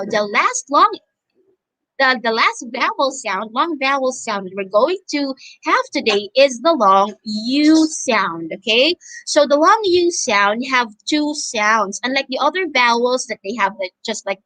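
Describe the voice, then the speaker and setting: Stretching every word so her students can repeat after her, a Filipino woman leads a phonics class online. She speaks with a fairly high pitch, lively intonation, and a pushed, bright quality.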